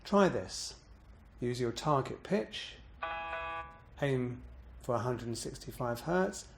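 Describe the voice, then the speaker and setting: A man coaching voice exercises, calmly explaining each step and demonstrating pitch bounces on words. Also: slow, creaky, music in the background. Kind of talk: instructional voice exercise demo.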